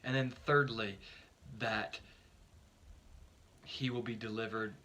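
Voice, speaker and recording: A man's voice: on the low side, fairly even intonation, slow pace, pushed and bright. A male pastor giving a short devotional on a Bible passage, earnest and emphatic, often repeating words as he starts a phrase.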